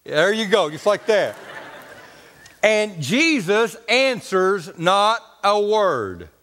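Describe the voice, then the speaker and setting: Brief: homespun male preacher, high for a man, in a church with long reverb. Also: big pitch swings, slow, fairly bright tone. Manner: homespun and colloquial, talks to the congregation. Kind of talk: folksy storytelling sermon.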